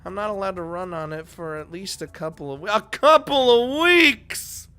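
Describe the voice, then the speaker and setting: A man voicing a sporty young woman who talks in a rushed, breathless, pleading way. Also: sits high, animated, sharp tone, clear, resonant tone, faint music behind, pitched above the performer's own voice. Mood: glum. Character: sporty young woman runner, cheerful but upset.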